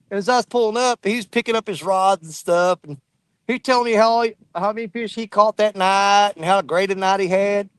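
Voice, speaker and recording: A man hosting a fishing stream from a riverbank, talking in a folksy, blunt way and quick to get worked up. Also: high-pitched, no echo. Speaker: fishing channel host. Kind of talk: casual outdoor storytelling. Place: riverbank outdoors.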